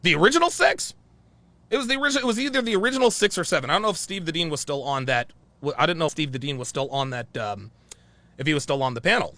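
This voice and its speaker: Fired-up man with a gravelly, lively voice. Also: a little high, quick pace, no room sound. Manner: profane, repetitive, worked-up. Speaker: channel host. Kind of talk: heated storytelling commentary.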